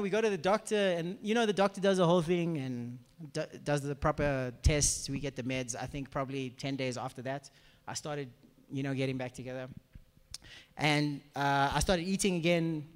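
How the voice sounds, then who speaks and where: High-voiced pastor in an echoey hall. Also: male voice. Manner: animated storyteller acting out quoted voices. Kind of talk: testimony sermon. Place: church hall before a congregation.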